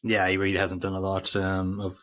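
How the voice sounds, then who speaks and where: A man's voice: sits low, completely flat delivery, fairly quick, fairly bright tone. A man co-hosting a podcast, chatting casually about a film in a rambling, self-interrupting way. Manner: rambling, self-interrupting, reads quotes aloud. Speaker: podcast co-host. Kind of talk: casual movie review chat.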